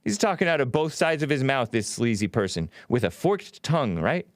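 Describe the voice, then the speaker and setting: A man's voice: mid-range voice, very animated, normal speed, no room sound, studio quality. A man hosting a solo commentary show, reading out news quotes and mocking them with sarcastic asides. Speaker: podcast host.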